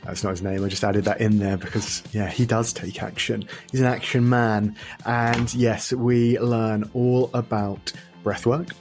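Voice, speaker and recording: A man's voice: lowish voice, steady tone, a little slow, a little mellow, soft background music. A man co-hosting a podcast in casual chat, playful and often restarting his phrases. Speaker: podcast co-host.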